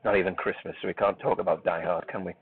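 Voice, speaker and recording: A man's voice: low-pitched, fairly even intonation, quick pace. Man, amateur football commentator, joking rambling asides, tinny phone-quality stream, crowd in background. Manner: joking, rambling, self-mocking asides between play calls. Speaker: football commentator and camera operator. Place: outdoor football ground sideline.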